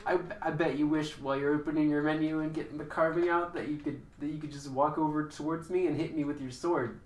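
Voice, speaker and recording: A man streaming a game from a couch, chatting and taunting opponents with sudden loud outbursts. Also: a little high, fairly even intonation, fast talker, hardly any pauses, reverberant. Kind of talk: live gameplay chat. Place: indoors on a couch while house sitting.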